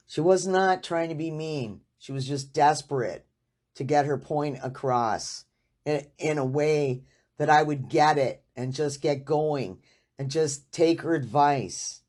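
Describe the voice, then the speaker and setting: A woman's voice: deep voice, takes it slowly, darkish tone. A woman vlogger telling a personal story in a chatty way, laughing and adding frequent asides. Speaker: weight loss vlogger. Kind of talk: casual storytelling to camera.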